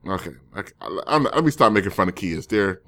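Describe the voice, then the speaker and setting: A man's voice: sits low, lively intonation, a little fast, bright, forceful tone. A man streaming casually, reading viewer comments and rambling through jokes and self-corrections.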